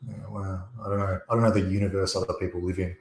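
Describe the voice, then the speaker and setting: A man's voice: deep voice, flat delivery, fast talker, a little mellow, reverberant, poor audio. A man talking bluntly and emphatically as a guest on a casual livestream, rambling through his points. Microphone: USB desktop microphone.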